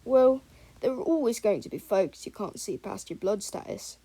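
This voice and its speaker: A woman's voice: mid-range voice, animated, moderate pace, dark tone. A woman voicing a friendly, easygoing male wizard professor, reassuring and chatty.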